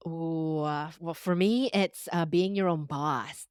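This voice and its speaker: A woman's voice: low-pitched, slow pace, clean tone, no room sound, studio quality. A woman in her forties, a podcast strategist and voice coach, telling stories with animation as a guest in a conversational interview. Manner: animated storyteller, acts out voices.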